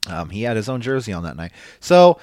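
A man talking casually into a studio mic, his pitch swinging up and down with real liveliness. The sound is dry and close, with no room around it. He recaps events in an animated, loose manner. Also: fairly quick, dry recording. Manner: animated, swearing, puts on mocking voices. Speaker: podcast co-host recapping wrestling. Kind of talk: casual chat.

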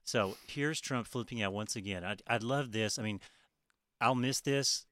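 A man's voice: mid-range voice, normal speed, fairly bright tone, dry recording, clean studio sound. A man co-hosting a casual chat, mocking and profane, laughing often. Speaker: podcast co-host.

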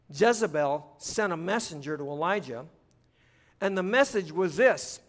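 A male pastor preaching a sermon, telling a story with animated asides to the congregation. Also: a little high, moderate pace.

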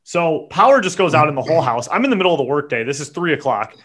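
A man, co-hosting a podcast and telling a story in a casual, animated, profane way. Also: fairly high pitch, fast talker. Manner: animated, profane, builds to indignant outbursts. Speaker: podcast co-host.

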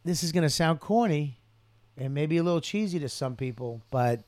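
A man's voice: fairly high pitch, lively intonation, normal speed, a little mellow, dry recording. A man who is a guest comedian, talking in an earnest, heartfelt way about family, with lots of swearing. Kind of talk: casual chat.

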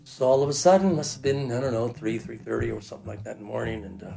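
A man tells a personal story loosely and casually, rambling with plenty of fillers like "you know" and animatedly acting out the voices of people he quotes. He talks fast in a medium-pitched voice with vocal fry, over soft background music.

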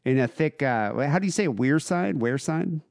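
A man's voice: fairly high pitch, lively intonation, normal speed, gravelly, a little mellow, no echo, studio quality. A man co-hosting a podcast, telling a true-crime story conversationally with many fillers. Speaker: podcast co-host.

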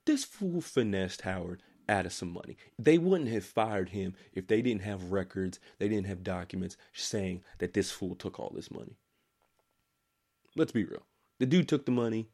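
A man from Maryland co-hosting a casual podcast, joking and teasing, often breaking into laughter. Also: moderate pace. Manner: animated, jokey, breaks into laughs, lively pitch. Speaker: podcast co-host.

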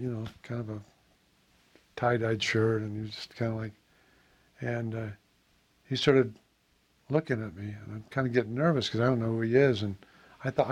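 Older man telling animated road stories. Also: medium pitch. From Iowa. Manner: animated storyteller, acts out quoted voices, laughs often. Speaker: jazz saxophonist guest. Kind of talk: casual anecdotal storytelling.

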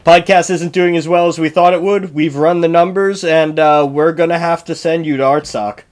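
A man's voice: a little high, fairly even intonation, moderate pace. A young man hosting a podcast, joking sarcastically and swearing freely in casual banter. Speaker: podcast host.

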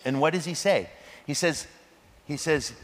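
A man preaching a sermon as pastor, animated, with joking asides and laughter. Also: on the high side, a little slow. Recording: long hall reverb.

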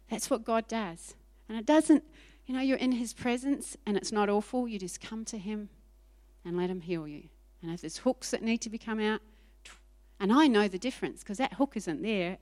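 A woman pastor preaching a sermon in an animated, emphatic way, repeating phrases for effect. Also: mid-range voice.

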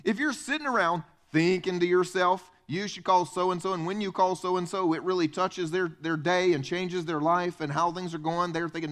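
Animated high-voiced Southern pastor. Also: male voice, moderate pace, hardly any pauses. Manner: animated, conversational, quotes imagined people. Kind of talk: sermon. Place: church.

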